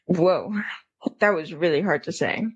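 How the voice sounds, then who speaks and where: A woman's voice: sits low, measured pace, slightly rough, muffled recording. A woman co-hosting a podcast, reading old newspaper clippings aloud in a casual, giggly way and stumbling over words, on a computer mic over a call. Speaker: podcast co-host.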